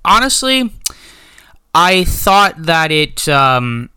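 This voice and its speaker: A man in his late twenties hosting a casual podcast chat, animated and jokey, swearing freely. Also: fairly high pitch, drawn-out words, clear, resonant tone, no room sound, studio quality. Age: late 20s. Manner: animated, jokey, swears, many likes and you-know-what-I-means. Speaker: podcast host.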